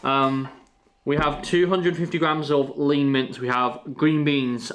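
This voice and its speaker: A man's voice: on the high side, steady tone, slow pace, fairly bright tone, slight background noise. A young man talking casually to camera as a fitness coach, rambling with fillers and casual swearing. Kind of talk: casual vlog talk to camera.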